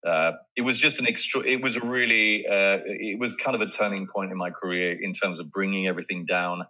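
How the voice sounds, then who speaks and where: A man being interviewed as an actor, talking in a casual, animated way and often laughing and restarting his sentences. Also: low-pitched, brisk, low-quality recording. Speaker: actor guest.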